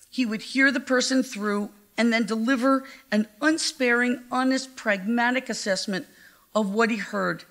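An older woman giving a heartfelt, measured eulogy at a memorial gathering. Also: mid-range voice, creaky, a bit bright. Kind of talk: memorial tribute speech.

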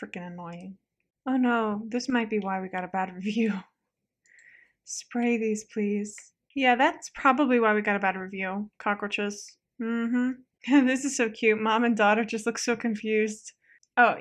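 A woman giving casual let's-play game commentary, chatty and excitable, quick to laugh. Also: mid-range voice.

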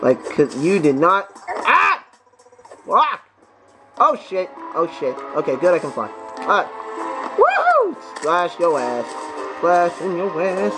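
A young man with a high voice that swings wildly in pitch, commentating his gameplay. He swears freely, yelps, and talks straight at the enemies on screen. Game music plays clearly under his voice. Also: slow, long pauses. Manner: excitable, profane, talks to enemies. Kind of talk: let's play commentary.

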